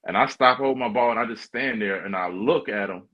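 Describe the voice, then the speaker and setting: Podcast host guy, husky low voice, laid back slangy storytelling, muffled lo-fi sound. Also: a little fast. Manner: relaxed, slangy. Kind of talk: casual storytelling. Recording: dull lo-fi sound.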